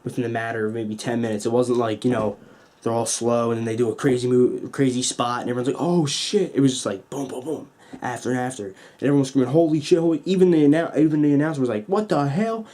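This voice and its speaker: A man's voice: mid-range voice, fast. A young man reviewing a wrestling show at home into his camera, swearing freely and acting out the moves with sound effects. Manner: excited, profane, acts out moves with sound effects. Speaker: wrestling vlogger. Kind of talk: casual review rant. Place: at home at a table.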